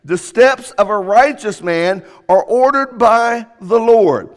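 High-voiced man preaching in a reverberant hall. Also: animated, takes it slowly. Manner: emphatic, rising and falling sharply for emphasis. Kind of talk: sermon. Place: church auditorium. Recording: long reverb of a church hall.

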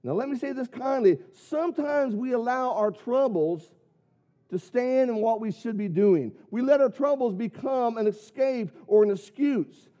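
A man's voice: very high-pitched, expressive, measured pace, dark tone. A man preaching a sermon, earnest, with many rhetorical questions and punched key words. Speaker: pastor.

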